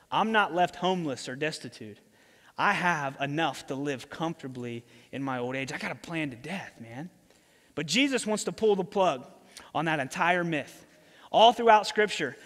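Pastor, male, high voice, casual storytelling sermon, church hall reverb. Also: fairly bright tone.

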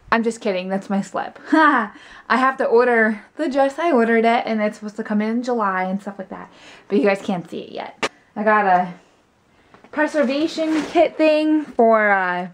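A woman chatting casually to camera in a vlog, bubbly and self-deprecating. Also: a little high. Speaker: vlogger.

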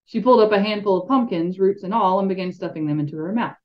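A woman's voice: mid-range voice, quick pace. A woman reading a fantasy novel aloud expressively as a podcast co-host, with light asides. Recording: dull lo-fi sound.

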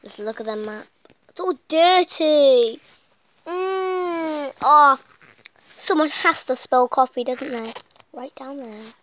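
A woman reading a children's picture book aloud in an animated way, often dropping into soft whispers and stumbling over words. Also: high-pitched, slow, poor audio. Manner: animated, slips into soft whispers and tripping restarts.

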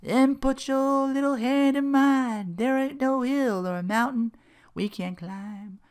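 A man's voice: very high-pitched, big pitch swings, fairly quick, a bit bright, voice pushed up, heavily acted. A man voicing a cheesy, upbeat male morning radio DJ with a sing-song, chirpy patter.

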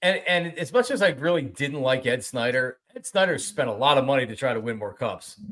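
A man's voice: medium pitch, animated, a little fast, a bit bright. A middle-aged man hosting a casual sports talk show, rambling, complaining and swearing casually.

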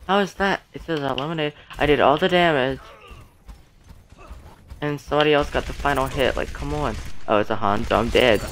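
Gravelly young man narrating gameplay. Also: mid-range voice, brisk, a little hiss or hum. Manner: excitable, self-deprecating, rambling. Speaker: gaming streamer. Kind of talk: casual gameplay commentary.

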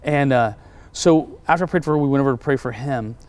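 As a guest in an interview, a pastor in middle age talks fast in a mid-range voice. He's an animated storyteller who plays out the lines people spoke.

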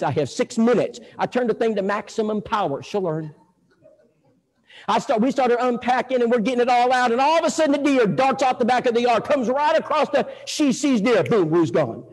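A male preacher telling stories in a sermon, animated, moving between loud and hushed. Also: very high voice, normal speed. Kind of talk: storytelling sermon. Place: church hall. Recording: echoey hall.

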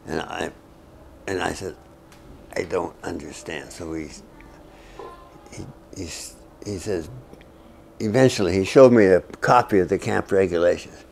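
An older man, a veteran interviewee, telling a personal story in a wry, frank way with halting restarts. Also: on the low side, gravelly, a little mellow, slight background noise.

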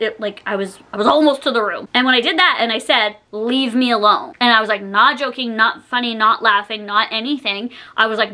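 A woman vlogger talking through a storytime in a chatty manner, with "like" in almost every sentence. Her voice sits fairly high and sounds bright and sharp. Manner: chatty, heavy use of "like" fillers. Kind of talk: storytime vlog.

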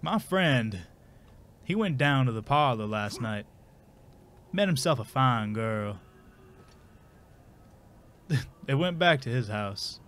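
A man with a congested voice doing an unpracticed impression of a calm older male storyteller telling a bedtime tale. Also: mid-range voice, takes it slowly, long pauses. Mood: mock-solemn.

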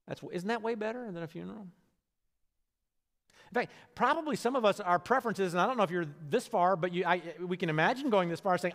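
Preaching pastor in a reverberant church. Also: male voice, high-pitched, fast. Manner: conversational preaching, swings between hushed and animated. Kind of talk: sermon. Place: church sanctuary. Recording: long hall reverb.

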